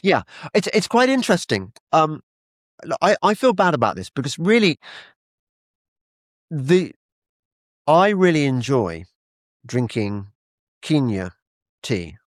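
A man's voice: fairly high pitch, big pitch swings, takes it slowly, long pauses, dry recording, clean studio sound. A British man hosting a podcast, chatting casually and rambling, often stumbling and repeating his words. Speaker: podcast host. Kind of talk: casual conversation.

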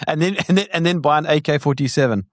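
A man's voice: fairly high pitch, dry recording. A man chatting as a podcast guest, talking emphatically and laughing often, with repeated starts to his sentences. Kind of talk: casual conversation.

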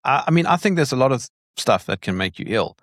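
A man's voice: medium pitch, very animated, quick pace, gravelly, a bit bright, no room sound, clean studio sound. A man chatting as a podcast guest, talking emphatically and laughing often, with repeated starts to his sentences. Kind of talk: casual conversation.

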